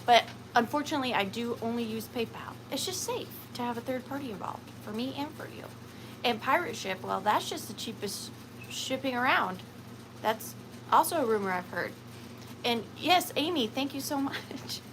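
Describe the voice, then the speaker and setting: A woman's voice: fairly high pitch, animated, moderate pace, noisy background. A woman from Georgia, hosting a casual livestreamed vintage and antique sale. She chats in a rambling way, laughs often and uses lots of fillers. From Georgia, USA.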